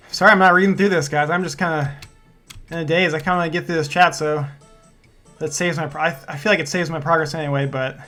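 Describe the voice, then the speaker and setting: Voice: medium pitch, fairly even intonation, fast, a bit bright, faint music behind. A gaming video creator talking to viewers, breathless and shaky with nerves and relief, repeating exclamations and rambling. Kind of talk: casual gameplay commentary to viewers.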